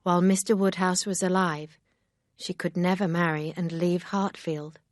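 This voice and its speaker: A woman narrating a graded-reader audiobook in a calm, steady reading voice. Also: lowish voice, normal speed, dry recording, clean studio sound.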